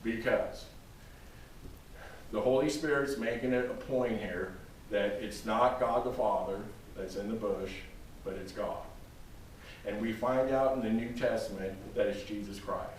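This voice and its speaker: A man's voice: fairly low pitch, a little slow. Male pastor, emphatic sermon, very echoey room, distant mic, faint hiss. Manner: emphatic, addresses congregation directly.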